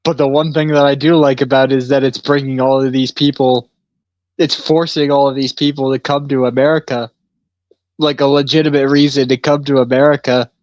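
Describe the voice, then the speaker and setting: Male co-host, relaxed swearing storyteller; slightly lo-fi, dry sound. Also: medium pitch, a little fast, no room sound. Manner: laid-back storyteller, swears freely, laughs often. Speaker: podcast co-host. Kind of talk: casual chat.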